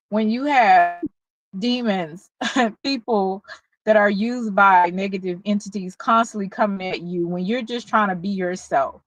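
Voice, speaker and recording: A woman with a Southern US accent, talking candidly and haltingly in a personal vlog, at times close to tears. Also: medium pitch, a bit bright, no room sound, poor audio. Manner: slow, candid, halting, with many pauses and fillers. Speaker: vlogger. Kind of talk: emotional personal vlog talk.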